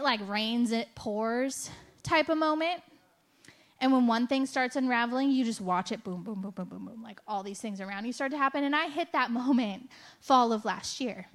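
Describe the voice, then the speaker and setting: A woman's voice: on the high side, normal speed. A woman giving a conversational sermon testimony, telling her story candidly with a self-mocking streak and a lot of "like" and "right?". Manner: chatty storytelling with frequent "like" and "right?". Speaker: speaker sharing a faith testimony.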